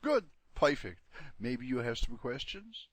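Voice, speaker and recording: A man's voice: mid-range voice, big pitch swings, measured pace, no room sound. A man voicing a cheerful, unflappable old man with a breezy, matter-of-fact way of talking.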